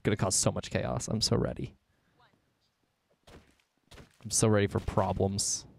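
A man's voice: on the low side, level tone, measured pace, gravelly, a little mellow. A man streaming a game, chatting casually and teasing his friends in a goofy way. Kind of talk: casual gaming chat.

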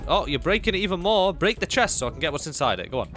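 A young man narrates his game as he plays, excitable and chatty, talking straight to the creatures on screen. His slightly high voice swoops widely, from low mutters up to sudden yelps. Faint music plays behind him. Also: fast, hardly any pauses. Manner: excitable, talks to enemies and pets, swings from low mutters to high exclamations. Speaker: gaming YouTuber. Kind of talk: live gameplay commentary.

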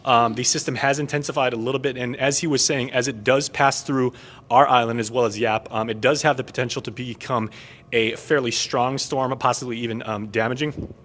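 A man's voice: mid-range voice, fairly even intonation, a little fast, a bit bright. A man hosting a live local news segment, chatty and joking, with many fillers. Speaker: news host. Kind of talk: casual live news chat.

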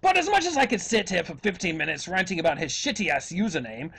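A man's voice: high-pitched, sing-song, fast, fairly bright tone, breathy edge, heavily acted. A man putting on a British accent as an evil professor persona, ranting and cursing at other video makers. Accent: put-on British. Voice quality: profane, insulting rants. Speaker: YouTube commentator.

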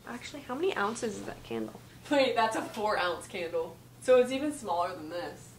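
A woman's voice: mid-range voice, lively intonation, fairly quick, slight background noise. A young woman in her twenties chatting casually in a gift-guide vlog from her bedroom, saying "like" a lot. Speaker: vlogger. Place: bedroom at home. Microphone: vlog camera.

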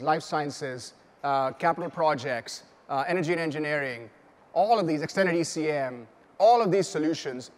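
A man with a fairly high voice presents a keynote in a large conference hall. He explains earnestly and often stumbles over fillers and restarts. A long reverb trails each phrase. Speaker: keynote speaker.

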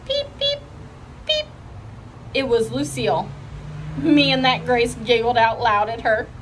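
A woman's voice: fairly high pitch, normal speed, slight background noise, poor audio. Woman reading a children's book aloud. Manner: expressive storytelling. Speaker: reader.

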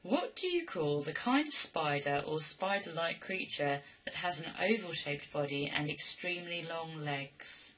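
Woman, young, lower-pitched, bright tense tone, slightly husky, dull lo-fi webcam sound; casual vlogger with dry wit. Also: unhurried, few pauses. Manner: chatty, dry and self-mocking. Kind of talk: casual vlog, reading a word list.

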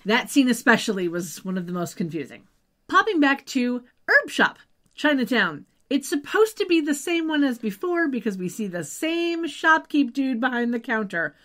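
A podcast co-host with a high, somewhat bright, very animated voice recaps a TV episode at a moderate pace. Her chat is casual and peppered with wry asides, often ending in a trailing "just saying."

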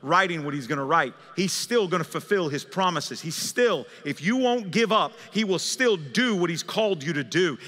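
A man's voice: high-pitched, expressive, normal speed, few pauses, a bit bright. A man preaching a sermon as a pastor, conversational and emphatic, pushing his voice up for key points in a large church sanctuary. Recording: long church hall reverb.

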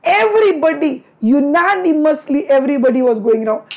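A woman's voice: sits high, a little fast, a little mellow, dull audio. A middle-aged woman teacher with an Indian English accent, chatting fondly with her students in a live online class, her throat a little strained from lecturing. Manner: chatty, affectionate, teasing with students.

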